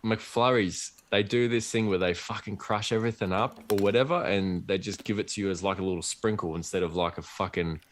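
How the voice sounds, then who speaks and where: A man's voice: on the low side, steady tone, fairly quick, hardly any pauses, a little hiss or hum. A man with an Australian accent, co-hosting a casual pub podcast, sweary and rambling, often laughing. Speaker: podcast co-host. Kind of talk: casual chat.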